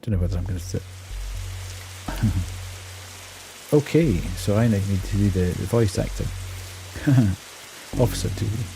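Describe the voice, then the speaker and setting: A man's voice: fairly low pitch, expressive, normal speed, pauses often, dark tone, a little hiss or hum. A man streaming a first game playthrough live, chatty and self-mocking, laughing at his own voices.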